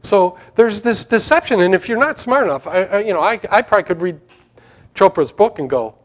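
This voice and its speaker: A man's voice: sits high, lively intonation, moderate pace, pauses often. A man preaching an informal sermon to his congregation, rambling and conversational with frequent restarts. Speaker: pastor.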